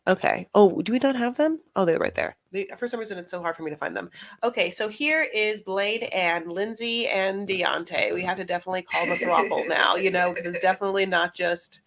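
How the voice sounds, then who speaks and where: A woman's voice: fairly low pitch, fairly quick, gravelly, a bit bright. A woman co-hosting a podcast, recapping a reality show in a rambling, playful way with many fillers. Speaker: podcast co-host. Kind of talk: casual reality TV recap chat.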